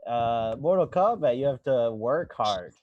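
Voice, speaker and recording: A man's voice: mid-range voice, lively intonation, a little slow, dry recording, highs cut off. Man rambling absurd jokes over a call. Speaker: debate contestant. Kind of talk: comic debate banter.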